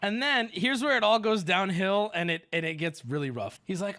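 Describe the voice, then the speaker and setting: A man in his thirties telling a rambling story as a streamer in casual chat, animated and profane. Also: sits high, moderate pace. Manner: rambling, animated, swears, acts out quotes.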